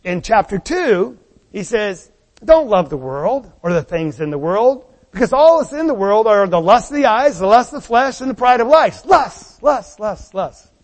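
High-voiced man preaching in a reverberant hall. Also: moderate pace. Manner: animated preaching, rhetorical questions to the congregation. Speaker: pastor. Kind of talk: sermon.

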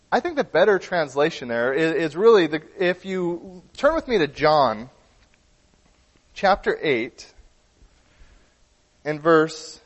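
A man with a high voice delivers a sermon, earnest and searching, often stopping to restart a sentence. His words carry a long reverb, as if spoken in a large hall. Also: a bit bright. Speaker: preacher.

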